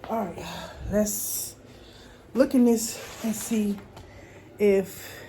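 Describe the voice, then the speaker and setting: Casting note: young woman, easygoing home vlogger, breathy and casual, steady background noise. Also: medium pitch, drawn-out words. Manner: chatty, talks to viewers as "y'all", curses casually. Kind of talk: casual chat to camera.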